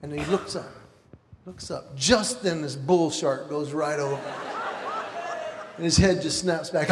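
A man telling a personal story about his sons to a church, animated and acting out the voices. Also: a little high, a little slow, pauses often, big-room sound. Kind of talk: storytelling sermon illustration.

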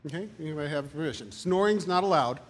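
Male pastor, conversational sermon, light humor, slightly raised pitch. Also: expressive, fast talker. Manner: conversational, joking preacher.

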